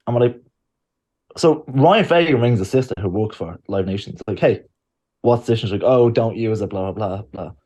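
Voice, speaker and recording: A man's voice: lowish voice, moderate pace. A man, a podcast co-host telling a story in casual chat and acting out the lines of the people in it. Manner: lively storyteller, acts out quotes.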